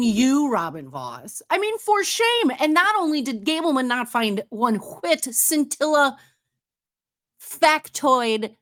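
A woman's voice: on the high side, fairly bright tone, dry recording, studio quality. A woman hosting a political talk radio show, emphatic and sarcastic.

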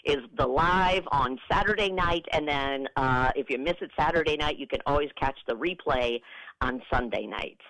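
A woman's voice: low voice, moderate pace, fairly bright tone, no room sound, rough recording. A middle-aged woman guesting on a radio show, chatting and laughing in a friendly way. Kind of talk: casual radio chat.

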